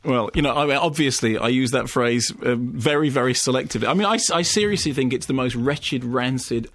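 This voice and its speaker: A man's voice: medium pitch, fairly quick, fairly bright tone, no room sound. Male radio film critic, theatrical and ranting, dry close studio sound. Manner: ranting, theatrical, comic impressions. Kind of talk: animated radio film review.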